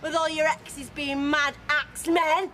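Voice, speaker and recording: An actress playing a drunk, jealous young woman in a soap drama, sarcastic and shouting. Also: high-pitched, little pitch movement, slow pace, a little hiss or hum, heavily acted. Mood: angry. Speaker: actor in a television soap.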